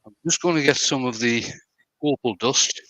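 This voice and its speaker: A man's voice: mid-range voice, normal speed, a bit bright, no echo. A man, a woodturner chatting casually and joking while he works at the lathe in a live stream. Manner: joking, banter-heavy. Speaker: woodturner demonstrating.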